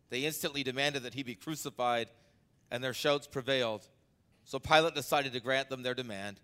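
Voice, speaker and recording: Guy pastor giving a sermon, bit high voice, sharp and punchy, swings between loud emphasis and low quiet bits. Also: expressive, brisk. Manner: conversational preaching with an anecdote, building to emphatic peaks then dropping low.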